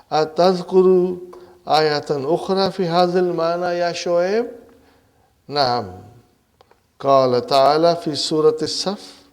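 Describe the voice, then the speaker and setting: A man with a slightly high, slightly mellow voice teaches an Arabic grammar class, reading lines in Arabic and then explaining them in English. He constantly asks his students "huh?" and "are you with me?".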